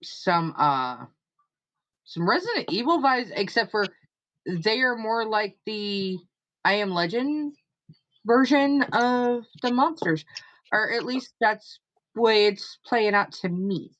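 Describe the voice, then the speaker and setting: Stream host, female, easygoing and slow, lo-fi mic. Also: mid-range voice, lively intonation, fairly bright tone. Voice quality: unhurried, rambling with fillers. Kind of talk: casual chat.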